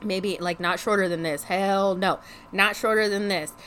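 A young woman vents through a casual storytime vlog, animated and exasperated, dropping curses and leaning on "like" between phrases. Her voice sits at a middle pitch, with a faint hiss under the recording. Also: moderate pace. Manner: animated, exasperated, swears freely; heavy use of "like" as filler. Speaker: vlogger.

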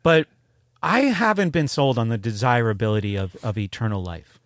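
A man guesting on a podcast who thinks out loud, hesitating and stammering over his restarts. His voice is mid-pitched and recorded close and dry. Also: animated, moderate pace, no room sound. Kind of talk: casual conversational discussion.

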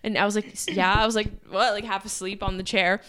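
A woman's voice: medium pitch, level tone, fast, fairly bright tone, smooth, dry recording, studio quality. A young woman in her twenties, co-hosting a podcast and telling stories casually, with constant "like" and acted-out quotes. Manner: chatty storyteller, says "like" constantly, acts out quotes. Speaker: podcast co-host. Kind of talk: casual chat.

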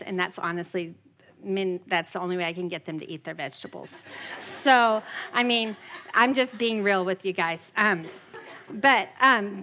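With a mid-range voice that sounds pushed and bright, a middle-aged woman leads a parenting workshop for a live group. She keeps it chatty and regularly checks in with the people listening.

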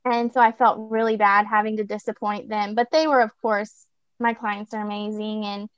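A woman's voice: mid-range voice, steady tone, normal speed, clear, resonant tone, no room sound. A young woman telling a personal story as a podcast guest, chatty, with many fillers and restarts. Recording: dull lo-fi dry recording.

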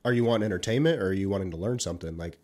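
A man from northern Indiana chats on a podcast with an easygoing manner. His voice sits quite low in pitch. He agrees readily and laughs along. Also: rapid-fire, a little mellow. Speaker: podcast co-host. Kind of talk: casual podcast chat.

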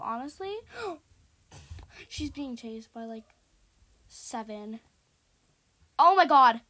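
A young woman commentating her own horror game play in a jumpy way, dropping to hushed whispers and then bursting into loud panicked exclamations. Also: sits high. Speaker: gamer.

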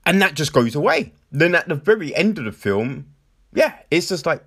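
A man's voice: a little high, normal speed, slightly rough. A man giving a casual, exasperated spoken film review, full of fillers, rhetorical questions and mocking quotes. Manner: animated, exasperated, many fillers and mock quotes.

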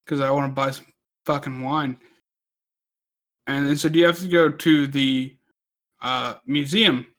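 A man's voice: mid-range voice, unhurried, a bit bright. A man telling a rambling, profane story on a podcast, drunk and laughing through his own anecdote. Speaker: podcast co-host.

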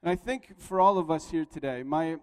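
A man's voice: on the high side, fairly quick, darkish tone, clean tone. Man preaching a sermon in a reverberant hall. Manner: conversational storytelling with rising emphasis. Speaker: pastor. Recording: long reverb of a large hall.

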